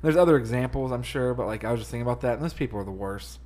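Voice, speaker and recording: A young man talks loosely in a casual podcast chat, joking and laughing as he rambles. His voice sits at an ordinary middle pitch. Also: rapid-fire, a little mellow. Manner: laid-back, joking, laughs often. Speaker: podcast co-host.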